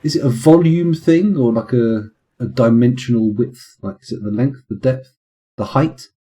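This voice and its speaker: A man's voice: medium pitch, normal speed, mellow. A man with children, chatting casually and rambling into punning tangents while streaming a game. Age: adult with children. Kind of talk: casual live-stream commentary.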